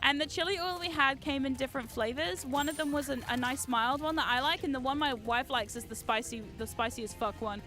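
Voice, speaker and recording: A woman streaming a game, chatting excitedly with her viewers, swearing freely and shouting at the game. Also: high voice, brisk, few pauses, soft background music. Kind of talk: live-stream gameplay chat.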